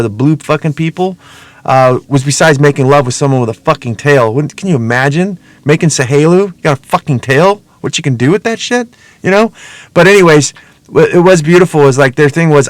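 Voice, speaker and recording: A middle-aged man muses in a loose, rambling monologue, swearing freely but sounding earnest. His voice sits a little high for a man. The sound is dry and close, with no room echo. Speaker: podcast host. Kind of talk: casual reflective monologue.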